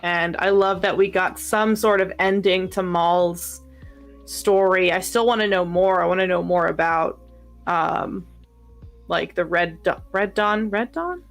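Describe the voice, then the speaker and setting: A woman's voice: fairly low pitch, fairly even intonation, a little slow, faint music behind. A woman co-hosting a casual podcast discussion, talking enthusiastically with lots of fillers. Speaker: podcast co-host.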